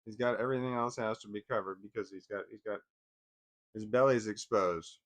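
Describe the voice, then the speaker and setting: A man's voice: lowish voice, steady tone, a little fast. A man talking casually in a vlog, hesitant and full of restarts. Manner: hesitant, repeats words and restarts often; coos softly at his dog. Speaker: vlogger.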